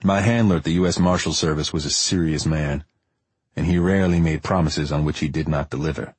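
Deep husky man narrating an audiobook. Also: fairly even intonation, dry recording. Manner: measured, deliberate, dry storytelling. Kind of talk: first-person audiobook narration.

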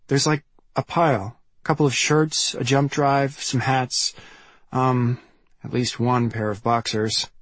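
A man reading an audiobook, voicing a chatty, coaxing teenage girl in a soft, pitched-up voice. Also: fairly even intonation, unhurried, dry recording, lightly acted. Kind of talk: audiobook dialogue.

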